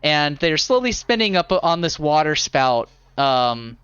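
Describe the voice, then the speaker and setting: A man runs a live tabletop game as dungeon master, describing the scene in an unhurried, steady way. His voice is smooth and a little high, recorded dry with a slightly dull mic. Fillers dot his descriptions. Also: no room sound.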